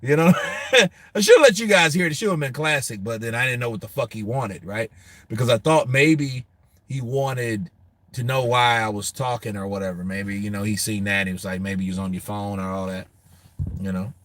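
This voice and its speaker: A man's voice: mid-range voice, moderate pace, a bit bright, dry recording. A man hosting a boxing show, chatting casually and telling loose, profane stories with frequent laughs. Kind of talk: casual live-stream chat.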